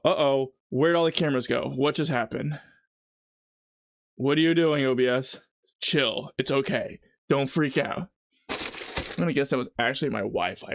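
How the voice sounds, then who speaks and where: A man's voice: mid-range voice, dry recording, studio quality. A man chatting casually on a live stream as he cooks in his home kitchen, rambling to his viewers between tasks. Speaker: livestreamer. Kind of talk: casual live-stream chat while cooking.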